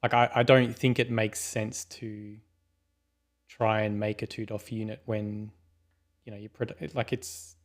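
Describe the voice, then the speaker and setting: Man, interview host, even flat delivery, relaxed and hedging. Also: fairly low pitch, unhurried. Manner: relaxed, hedging, reads out viewer questions. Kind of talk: casual video-call interview.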